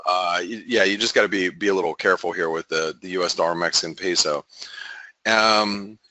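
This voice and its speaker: A man giving casual market analysis, halting with many fillers and restarts. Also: sits low, steady tone, bright, forceful tone, dry recording, poor audio.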